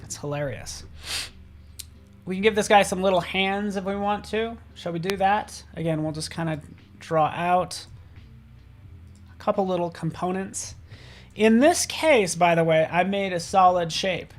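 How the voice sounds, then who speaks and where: A man giving a live software tutorial, upbeat and chatty, often checking in with "right?" as he works on a drawing. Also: high voice, measured pace, pauses often. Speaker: design instructor.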